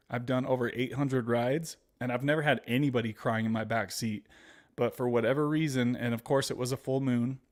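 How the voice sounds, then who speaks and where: A man chats casually on a livestream, his voice sitting at an ordinary middle pitch. He rambles from one story to the next and keeps turning to his viewers as guys. Now and then a laugh slips in. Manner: rambling, chatty, often addressing viewers as guys; laughs while telling stories. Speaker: livestream host.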